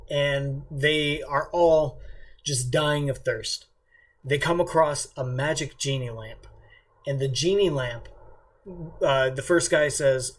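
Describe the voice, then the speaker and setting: A man hosting a casual live stream, mixing play-by-play with chatty jokes and stories. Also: mid-range voice.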